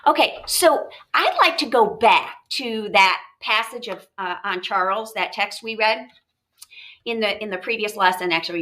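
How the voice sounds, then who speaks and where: Bright-voiced woman teaching a lesson. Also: medium pitch. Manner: explanatory, thinks aloud with questions. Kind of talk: recorded classroom lesson.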